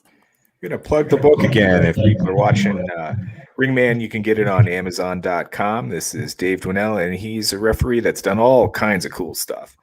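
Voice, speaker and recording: A man hosting a live show, plugging a guest's book and handing the floor to his co-host. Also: fairly low pitch. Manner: brief plugs and quick questions. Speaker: podcast host.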